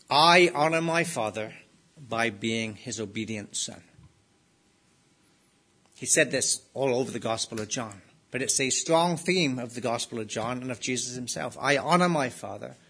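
A man's voice: mid-range voice, pushed and bright. A man preaching an expository sermon, emphatic, acting out quoted lines with rising intensity. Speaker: pastor.

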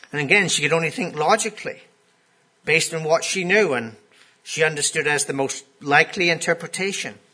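A man's voice: fairly high pitch, sharp tone, husky. A man preaching a sermon in a conversational way, often putting questions to his listeners.

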